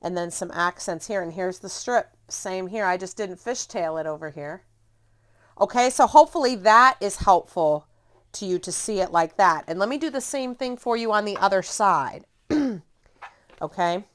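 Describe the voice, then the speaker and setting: A woman's voice: mid-range voice, lively intonation, normal speed. A middle-aged woman giving a casual scrapbooking tutorial, chatty and self-correcting as she points out details on her pages. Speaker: scrapbooking instructor.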